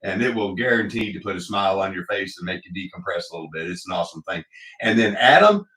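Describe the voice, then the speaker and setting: A man's voice: low voice, expressive, fast talker, pushed and bright. A man hosting a casual livestream from his home hobby room. He rambles with many fillers and greets viewers in the chat. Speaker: livestream host. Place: home hobby room with slot car track. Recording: echoey room, voice picked up from a distance.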